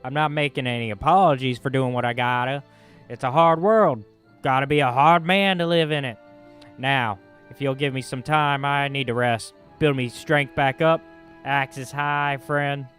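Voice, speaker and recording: A man's voice: medium pitch, normal speed, a bit bright, smooth, faint music behind, close to an everyday voice. A man doing a drawling Southern dwarf mercenary. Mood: defiant. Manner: folksy drawl, blunt. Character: gruff mercenary dwarf man, greedy, hard-bitten.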